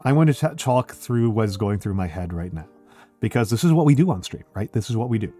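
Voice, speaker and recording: A young man streaming, chatting casually with his viewers and thinking out loud, his voice scratchy because he is under the weather. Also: lowish voice, animated, quick pace, faint music behind. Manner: rambling, thinking out loud with fillers.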